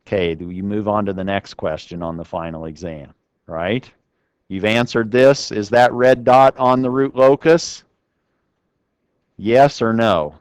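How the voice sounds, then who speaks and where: Male lecturer with a smooth, dry voice. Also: on the low side, a little slow, dry recording. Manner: conversational, asks the class questions. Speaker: university lecturer. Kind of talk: classroom lecture. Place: lecture room.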